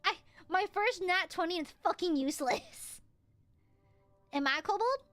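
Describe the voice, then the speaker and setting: A woman streaming a game, reading the text aloud in an animated, casual way and swearing now and then. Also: very high voice, normal speed, dry recording, faint music behind.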